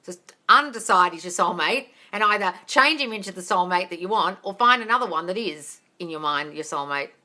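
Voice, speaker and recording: Blunt, bright-voiced woman coach. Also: lowish voice, animated, fairly quick. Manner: blunt, swears casually, calls viewers darling. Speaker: manifesting coach answering live comments. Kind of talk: live-stream Q&A reading out comments.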